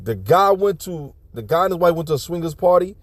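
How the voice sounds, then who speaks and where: A man's voice: a little high, lively intonation, fairly quick, no echo. A man giving casual ranting commentary on a video clip, blunt, profane and preachy, often restarting his sentences.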